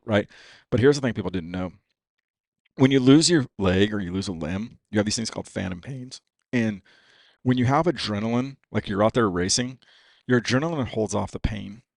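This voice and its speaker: A man's voice: on the low side, vocal fry, no room sound, clean studio sound. A man on a podcast telling a long personal story in casual, profane talk, full of "dude" and "you know what I mean.". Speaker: podcast guest.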